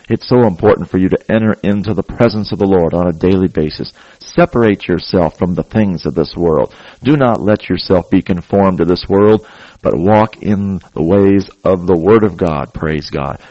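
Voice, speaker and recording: A man's voice: low-pitched, dry recording, lo-fi sound. A man preaching a sermon, urging his listeners in an earnest, exhorting way and often adding "praise God.".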